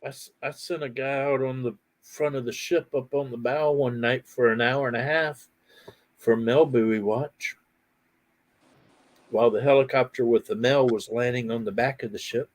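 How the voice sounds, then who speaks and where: A middle-aged man hosting a casual outdoor chat, telling animated stories and laughing often. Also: medium pitch, normal speed. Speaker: host.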